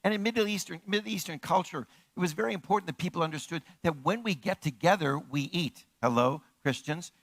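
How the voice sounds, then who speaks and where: A male pastor delivers a sermon in a fairly high voice, recorded close and dry with almost no room sound. He drops to near-whispered, intimate phrases, then swells into loud, emphatic calls. He keeps asking the listeners rhetorical questions and repeats key words for weight. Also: a little fast, hardly any pauses, no echo. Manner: swings between hushed, intimate lines and loud, emphatic calls; repetitive, rhetorical questions to the congregation.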